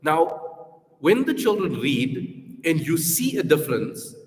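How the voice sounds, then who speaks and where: A man's voice: fairly high pitch, big pitch swings, takes it slowly, a little mellow. A man with a South African accent presenting a school Quran programme to parents, talking earnestly through numbered points and modelling recitation aloud. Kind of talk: information session talk to parents. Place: school hall. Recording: echoey hall reverb.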